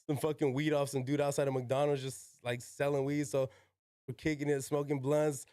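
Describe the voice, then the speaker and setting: A man's voice: mid-range voice, level tone, normal speed, a little mellow, clean tone, dry recording, studio quality. A young man, a podcast guest, telling a casual story in slangy talk full of "yo", "like" and swearing. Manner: slangy, peppered with "yo" and "like", swears freely.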